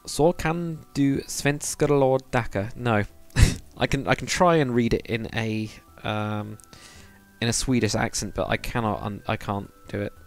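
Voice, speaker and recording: Gravelly young Englishman streaming, rambling. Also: lowish voice, moderate pace, faint music behind. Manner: rambling, chatty, reads viewer comments aloud. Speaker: live streamer. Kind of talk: casual chat while building in a game.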